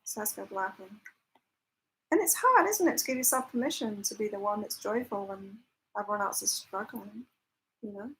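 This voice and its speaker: This woman has a mid-range, expressive voice, a bit bright, moving at a moderate pace. Hosting a psychic livestream while staying away from home in temporary lodging, she reads viewer comments, laughs often and keeps things casual. The rough recording has a little hiss or hum.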